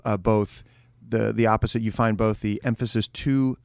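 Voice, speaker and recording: A man's voice: on the low side, steady tone, moderate pace, vocal fry, clean tone, dry recording, clean studio sound. A male pastor co-hosting a casual church podcast, his voice still not recovered from the weekend, joking and rambling with restarts. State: voice not recovered, a bit hoarse.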